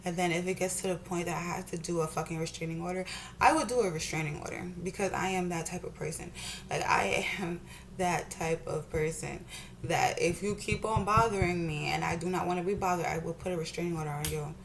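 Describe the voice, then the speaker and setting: A woman's voice: on the low side, steady tone, fairly quick, slight background noise. A young woman vlogger ranting heatedly and profanely while doing her makeup at home, often repeating herself. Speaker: beauty vlogger.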